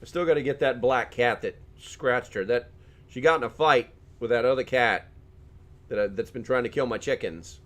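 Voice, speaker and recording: A man's voice: medium pitch, moderate pace, a bit bright. Middle-aged man, live-stream host, casual joking chat, reads comments aloud, laughs a lot, mid-range voice.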